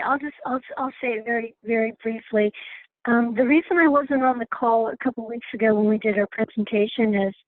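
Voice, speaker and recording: A woman on a phone call in a class, earnestly telling a personal story with halting restarts. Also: a little high, no room sound. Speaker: class participant sharing a story. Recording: tinny phone line, dry.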